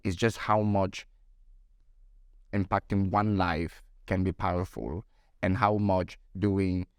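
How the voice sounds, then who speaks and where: Low-voiced reflective male host. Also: steady tone, slow pace, clean tone, dry recording, studio quality. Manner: thoughtful, searching for words. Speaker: interview host. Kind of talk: reflective interview talk.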